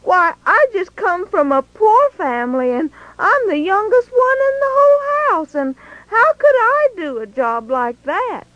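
A woman's voice: very high voice, big pitch swings, measured pace, fairly bright tone, no echo, highs cut off, pitched above the performer's own voice, heavily acted. A woman voicing a humble, frightened young Israelite farmer who stammers and pleads in a storybook telling. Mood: protesting.

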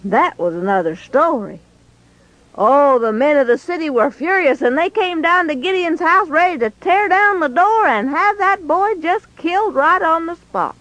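Lively, expressive woman storyteller. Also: extremely high pitch, moderate pace, no echo, poor audio. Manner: expressive, folksy. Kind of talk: Bible story narration.

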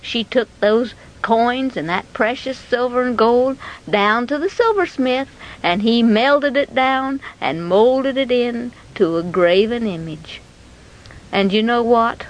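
A woman telling a Bible story dramatically, with expressive, moralizing asides to her listeners. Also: on the high side, slow, lo-fi sound.

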